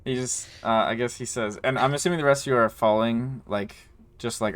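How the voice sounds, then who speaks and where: A man narrating as game master in a casual, laughing way, slipping into quick character voices. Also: medium pitch, steady tone, a bit bright.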